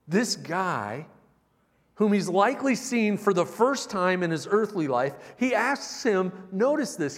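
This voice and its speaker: A man delivers a sermon in a slightly higher-than-usual voice, his words ringing with a long hall reverb. He preaches with animation, swinging from loud emphatic peaks to hushed, personal moments. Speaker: pastor.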